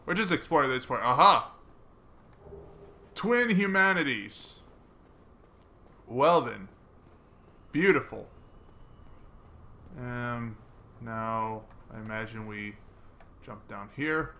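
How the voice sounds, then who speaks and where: A man giving casual, chatty commentary while playing a video game, mocking himself and breaking into excited swearing. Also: mid-range voice, slow, pauses often. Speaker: gaming let's player.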